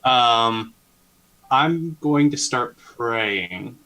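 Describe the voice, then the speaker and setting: Hesitant man with a bright voice, tabletop player. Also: medium pitch, lively intonation, drawn-out words, poor audio. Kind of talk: playing a tabletop game.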